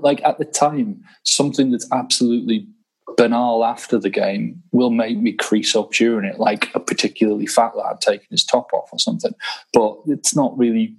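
A man's voice: medium pitch, a little mellow, slightly rough, poor audio. A man co-hosting a football podcast, chatting casually, sweary and self-deprecating. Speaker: podcast co-host. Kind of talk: casual chat.

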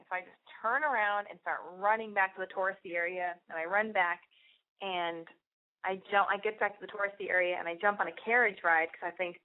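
A woman's voice: medium pitch, a little fast. Profane, chatty young woman podcaster. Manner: animated, profane, rambling with many "like"s. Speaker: podcast host. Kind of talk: casual storytelling monologue. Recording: tinny phone-like sound.

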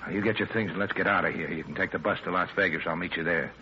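An actor playing a tough, wanted gangster on the run, in clipped hardboiled 1940s radio acting. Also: male voice, deep voice, steady tone, racing, natural voice. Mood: grim urgent. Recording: dull old radio recording with faint hiss.

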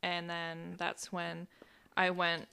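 Young woman, twenties, interview guest, lowish bright voice, rushed and full of "like". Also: monotone, gravelly, clean tone. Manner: talks in a rush with nervous laughs and "like". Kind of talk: personal account in an interview.

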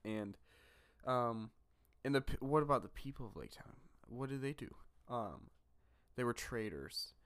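A man's voice: medium pitch, expressive, a little slow, a bit bright, clear, resonant tone, dry recording, studio quality. A man co-hosting a podcast in casual chat, talking in a rambling, easygoing way full of fillers. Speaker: podcast co-host. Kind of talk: casual chat about a fantasy book.

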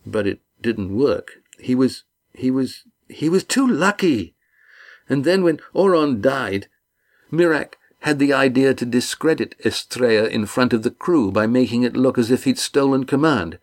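A man's voice: mid-range voice, animated, unhurried, pitched above the performer's own voice. A man reading the part of a scheming young sailor, now beaten, speaking in a pleading, miserable way. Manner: whiny, pleading.

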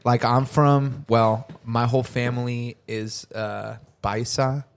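A man's voice: mid-range voice, steady tone, slow, creaky, a little hiss or hum. A man, a band member, chatting casually on a podcast with dry joking asides.

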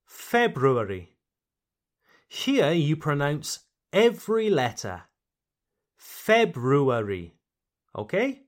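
Slow, lively native English-speaking teacher. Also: male voice, a little high. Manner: slow, careful, repeating words for learners. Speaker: English teacher and podcast host. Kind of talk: podcast pronunciation lesson.

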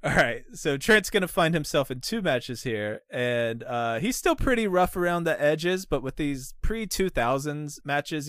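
A man's voice: fairly high pitch, fairly bright tone, clean tone, no room sound, studio quality. Laughing man recapping old wrestling shows. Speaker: podcast co-host. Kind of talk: casual wrestling podcast chat.

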